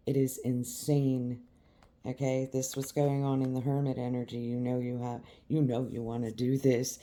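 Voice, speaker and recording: Slow, very dark-voiced tarot reader. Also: medium pitch. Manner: emphatic and repetitive, speaking directly to the listener. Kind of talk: tarot reading addressed to viewers.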